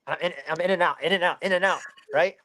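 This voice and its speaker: A man's voice: sits high, fast, pushed and bright. Intense swearing man telling a story. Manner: heavy swearing, blunt and intense. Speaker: fighter being interviewed. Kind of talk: storytelling in a casual interview.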